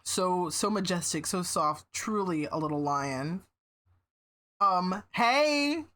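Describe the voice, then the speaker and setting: Woman streamer with a lowish voice. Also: takes it slowly, a bit bright. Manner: meandering, with frequent fillers and restarts; casual swearing. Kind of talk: casual livestream chat.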